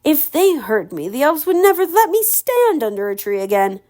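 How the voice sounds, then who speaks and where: A woman's voice: high-pitched, very animated, normal speed, warm tone, pitched above the performer's own voice. A woman reading aloud, voicing a wry, good-humored young prince from a storybook. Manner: wry, joking.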